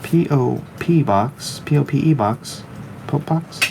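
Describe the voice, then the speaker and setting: Drawing live for his stream, this middle-aged comic artist rambles and cracks jokes in casual chat, reading viewers' comments out loud along the way. He has a mid-range voice with vocal fry and a slow pace, and background noise is present.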